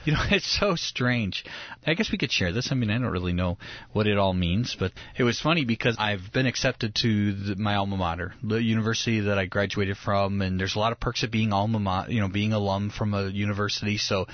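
A man's voice: fairly low pitch, brisk, dry recording. A young man co-hosting a studio talk show, a pastor who rambles through his story with restarts and chuckles. The sound is dull and slightly muffled, recorded dry with no room around it. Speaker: co-host, pastor. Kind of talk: casual studio chat. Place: radio studio.

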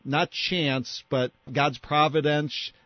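A man co-hosting a faith radio show, speaking in a reflective, halting way about God's care. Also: fairly high pitch, steady tone, no echo. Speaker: radio co-host. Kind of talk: casual faith chat. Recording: dry, slightly dull radio sound.

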